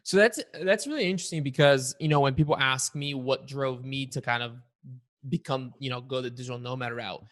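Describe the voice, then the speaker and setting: A man's voice: mid-range voice, fairly quick. A man who grew up between the US and Bulgaria, hosting an interview in a searching, casual way full of "like" and "you know". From United States and Bulgaria. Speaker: podcast host.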